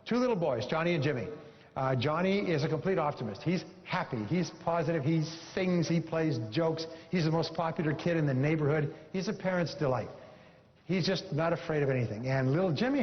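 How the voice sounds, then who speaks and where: A man's voice: a little high, brisk, a little hiss or hum. A man giving a live motivational seminar speech to an audience, emphatic and repeating lines for effect, telling a story with animation. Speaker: motivational speaker. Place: seminar hall before an audience. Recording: echoey hall, dull lo-fi sound.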